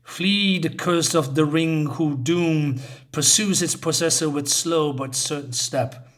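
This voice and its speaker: Guy reading as an ancient earth goddess from a comic, slow and grave, kinda high voice. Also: fairly bright tone. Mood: solemn. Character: ancient all-knowing earth goddess, solemn.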